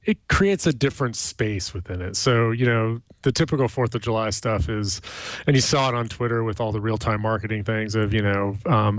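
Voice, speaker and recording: Relaxed low-voiced man on a panel. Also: no echo. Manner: relaxed, lots of fillers. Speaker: podcast panel guest. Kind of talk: casual panel discussion.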